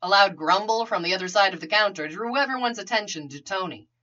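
Brief: expressive woman storyteller, muffled home recording. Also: medium pitch, quick pace. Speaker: reader. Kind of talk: storybook narration.

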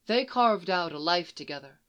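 A narrator reading a story aloud in a soft, measured way. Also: mid-range voice, expressive, smooth. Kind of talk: audiobook reading of fan fiction.

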